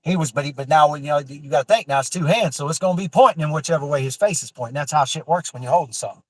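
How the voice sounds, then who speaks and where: A man's voice: on the high side, very fast, no echo, low-quality recording. A man tells a long personal story in a casual, rambling way. He swears freely and circles back through fillers and restarts. The recording is close and dry, with no room sound. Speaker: guest telling a personal story.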